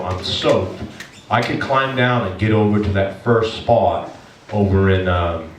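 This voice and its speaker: A man preaches a story with animated feeling, stumbling and restarting as he speaks. His voice sits a little low and carries from a distance, with a roomy church echo and faint hiss behind it. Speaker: pastor. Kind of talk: storytelling sermon. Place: church sanctuary. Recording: echoey church room from afar.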